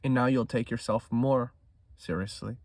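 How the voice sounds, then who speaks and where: A man runs an intense trading vlog monologue, cursing freely as he veers between loud emphasis and hushed talk. He has a medium pitch, fairly even intonation, and a moderate pace.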